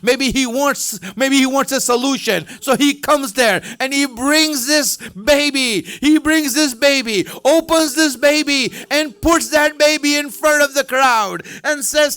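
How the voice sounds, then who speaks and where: A man delivering an emotional sermon as a story, repeating lines and at times shouting or breaking into tears. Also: very high voice, measured pace, hardly any pauses. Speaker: speaker at a religious center. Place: religious center hall.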